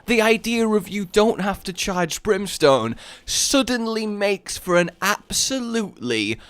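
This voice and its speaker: A man rambling through casual let's-play commentary with a lively, swooping delivery that jumps from low mutters to excited yelps. His voice sits a bit high, and the recording is close and dry with no room sound. He talks in a self-mocking, wandering way. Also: a little slow, smooth, no echo. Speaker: gaming YouTuber.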